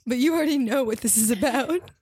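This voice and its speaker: A woman improvising a comedy scene, narrating and playing along in a deadpan, self-pitying way. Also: high-pitched, quick pace, a little hiss or hum. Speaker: guest improviser.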